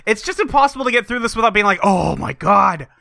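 Bright, lively man trading jokes. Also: high-pitched, fast, gravelly, dry recording, studio quality. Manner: animated, jokey, deadpan asides. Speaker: podcast co-host. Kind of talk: casual comedic book discussion.

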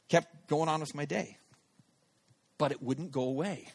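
A man's voice: a little high, moderate pace. A male pastor preaching a sermon, telling a personal story and acting out his own thoughts aloud. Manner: animated, acts out his own inner thoughts. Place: church service held in a theater.

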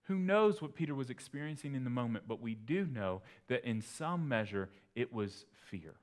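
Guy preaching a sermon, chatty then suddenly loud and emphatic, mid-pitched voice. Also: animated, moderate pace. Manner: conversational, with sudden emphatic bursts. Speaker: pastor. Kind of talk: expository sermon.

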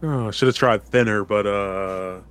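A man's voice: on the low side, moderate pace, a bit bright, clear, resonant tone, dry recording. A man playing a tabletop game, hesitant and full of rule questions. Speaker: player. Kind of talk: casual chat.

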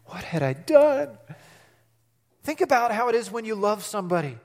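High-voiced man preaching in a reverberant hall. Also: moderate pace. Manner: animated preaching, acts out quotes, asks the congregation questions. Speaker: pastor. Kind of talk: sermon.

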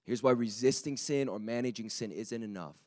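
A man preaching a sermon with a slightly raspy voice, talking in a lively, conversational way that builds to emphatic peaks. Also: mid-range voice, a little fast.

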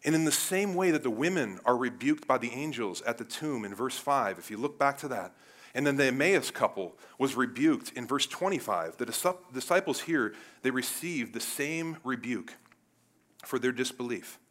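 Bright-voiced, animated male preacher. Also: medium pitch, normal speed. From Cleveland, United States. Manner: conversational and animated, swinging between loud bursts and quiet asides. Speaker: pastor. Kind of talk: sermon.

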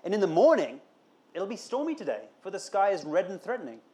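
A man's voice: high voice, wildly swooping pitch, brisk, mellow. A man preaching a conversational sermon, asking rhetorical questions and building to emphatic calls. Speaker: pastor.

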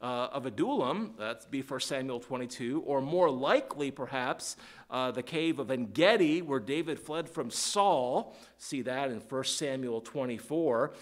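A man preaching a sermon, halting with fillers and restarts, then rising to fervent emphasis when quoting scripture. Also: medium pitch.

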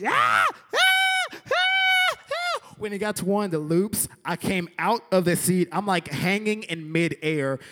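Young man telling a lively story in a hall. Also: high-pitched. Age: young adult. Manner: lively, acts out scenes with sound effects, says "like" a lot. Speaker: lesson teacher. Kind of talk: animated storytelling lesson. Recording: echoey hall with long reverb.

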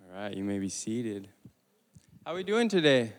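A man preaching a sermon to his congregation in an animated, stumbling way, with asides. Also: fairly low pitch, moderate pace. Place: church hall. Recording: long reverb of a large hall.

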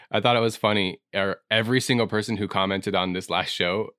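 A man's voice: fairly low pitch, steady tone, brisk, fairly bright tone, clean tone, no room sound, studio quality. A man hosting an improv podcast in casual chat, talking in a chatty, reflective and self-teasing way.

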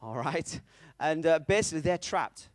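A man's voice: a little high, lively intonation, moderate pace, dry recording. A man preaching a conversational sermon, telling a story and checking in with his audience, with a self-mocking manner.

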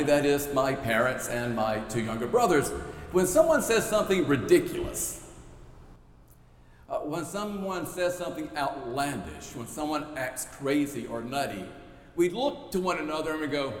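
A man preaching a sermon in a storytelling, conversational way, with playful asides to the congregation. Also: on the high side. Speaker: pastor. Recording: echoey hall with long reverb.

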